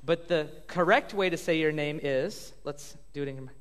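Pastor, male, high-pitched, jokey interviewer with lots of fillers; reverberant church hall. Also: fairly bright tone, smooth. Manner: upbeat, joking, halting with fillers. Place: church sanctuary.

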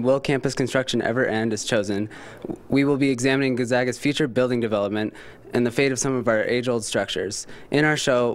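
A young male student explaining his class project's show plan, prepared but slightly halting. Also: medium pitch. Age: young adult.

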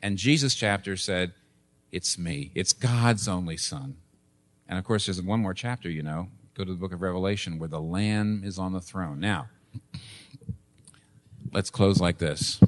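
A man in his sixties preaching a sermon as pastor, emphatic, with sudden rises and soft drops. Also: deep voice, moderate pace.

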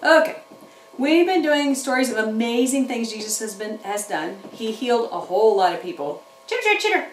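A woman teaching children's church, telling a Bible story to young kids in an animated way and chatting with her puppets. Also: fairly high pitch, moderate pace, slight background noise. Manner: animated, talks back to puppets. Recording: roomy room, mic at a distance.

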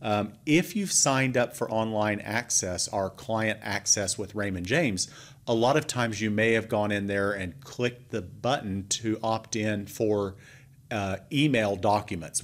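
Male financial advisor, lowish voice, relaxed client update. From Oklahoma, US. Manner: relaxed, conversational, with fillers.

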